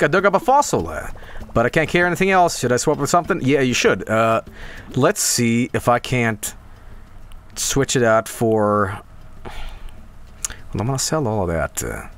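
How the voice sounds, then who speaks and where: A man's voice: mid-range voice, big pitch swings, unhurried, pauses often, a bit bright, slight background noise. A young man from Canada chatting casually through a gameplay stream, rambling, joking and correcting himself as he goes.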